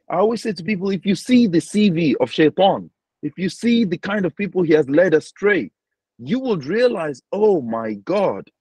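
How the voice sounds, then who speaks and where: Animated high-voiced imam, husky tone. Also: male voice, no room sound, poor audio. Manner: animated, acts out quoted voices, keeps checking in with "right?". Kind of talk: Ramadan reflection talk.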